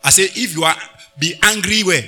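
A man preaches in a high, very bright voice. He moves from loud, emphatic bursts to low, quiet asides and drops pidgin phrases into his talk. Soft music plays faintly underneath. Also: brisk. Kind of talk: sermon.

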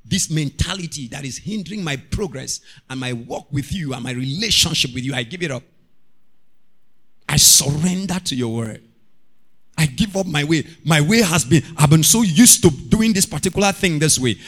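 A man preaching a sermon as a pastor, calling out to the congregation and rising into shouts. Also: fairly high pitch, animated, normal speed.

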